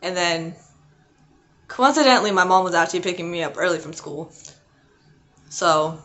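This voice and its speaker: A woman's voice: lowish voice, lively intonation, moderate pace, a bit bright. A young adult woman vlogging a casual storytime, rambling and chatty with lots of "like" and "um". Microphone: not her usual mic.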